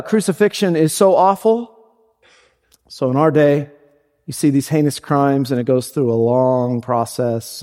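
A man preaching a sermon as pastor, slow and deliberate, climbing to high emphatic peaks. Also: darkish tone. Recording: long hall reverb.

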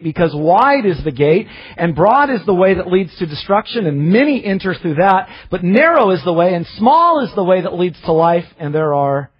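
A male preacher delivers a sermon with a high, lively voice that rises and falls a lot. His tone is somewhat husky, and he earnestly questions himself, often restarting his phrases. The recording sounds dull and lo-fi. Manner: earnest, self-searching preaching with repeated restarts.

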